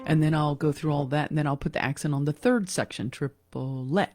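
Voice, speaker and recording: A woman giving a casual online piano lesson, talking in a relaxed, chatty way with fillers and self-corrections. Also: sits low, fast. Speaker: piano teacher. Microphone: computer mic during a screen share.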